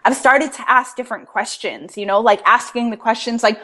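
A woman's voice: on the high side, a little fast, few pauses, bright, forceful tone. A young adult woman, a podcast guest, talking in a heartfelt, earnest way and filling her speech with "like.". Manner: earnest, fillers like "like" throughout. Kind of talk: casual heartfelt conversation.

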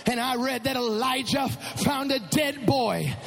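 A man preaching a sermon testimony, swinging from hushed prayer to loud, impassioned shouting. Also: very high voice, measured pace, gravelly, long reverb tail, poor audio. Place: church.

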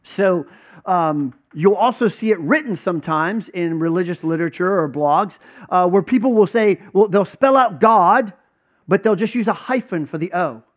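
High-voiced casual preaching man. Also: expressive, normal speed. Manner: casual, conversational teaching with many fillers and quoted dialogue. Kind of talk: sermon.

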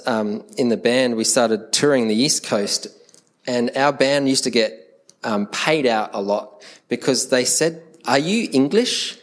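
A middle-aged Australian pastor with an Adelaide accent delivers a sermon. He talks to the congregation in a conversational, animated way, putting on other people's voices now and then. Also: medium pitch.

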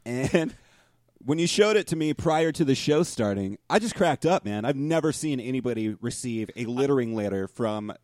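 A man's voice: medium pitch, animated, moderate pace, a little mellow, dry recording, clean studio sound. A man co-hosting a casual podcast, laid-back, laughing often and teasing his co-host.

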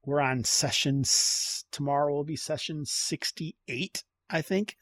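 A man's voice: fairly high pitch, a little slow, fairly bright tone, no echo. A man hosting a casual podcast chat about tabletop games, rambling with many fillers and restarts. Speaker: podcast host.

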